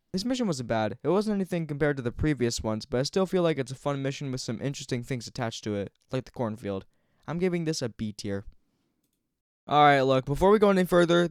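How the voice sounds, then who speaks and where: A man's voice: mid-range voice, smooth, no echo, clean studio sound. A man casually recapping game missions at home, mumbling and joking crudely. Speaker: gaming commentator. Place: home room, recorded late at night.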